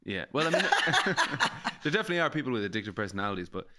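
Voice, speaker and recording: A man's voice: medium pitch, big pitch swings, quick pace, heavy background noise. A man co-hosting a podcast, telling stories in easygoing casual chat. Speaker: podcast co-host.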